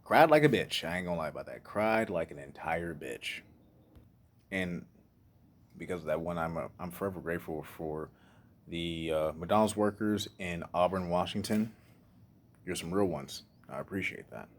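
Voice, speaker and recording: Deep-voiced man telling his story. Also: normal speed. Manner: emotional, candid, profane, trails off and restarts. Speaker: speaker sharing life story. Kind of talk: personal storytelling monologue.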